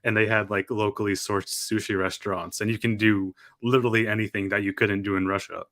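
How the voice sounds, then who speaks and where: Podcast guest, male, bright forceful tone, dry close sound, halting delivery. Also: fairly low pitch, flat delivery, no room sound. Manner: halting, many restarts. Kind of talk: casual podcast chat.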